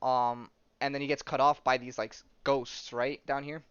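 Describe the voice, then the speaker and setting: Guy on a podcast going on about a comic plot, smooth voice, kinda muffled dry sound. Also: medium pitch, little pitch movement, normal speed, fairly bright tone, no room sound. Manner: rambling, acts out the characters' lines with many fillers. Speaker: podcast host. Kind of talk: casual recap of a comic story.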